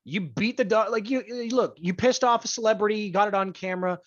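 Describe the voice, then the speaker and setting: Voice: mid-range voice, no room sound. Foul-mouthed sports rant, angry and crude, heavy swearing, pointed emphasis, dry lo-fi audio. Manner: stresses words with deliberate emphasis. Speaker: podcast host. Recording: dull lo-fi dry recording.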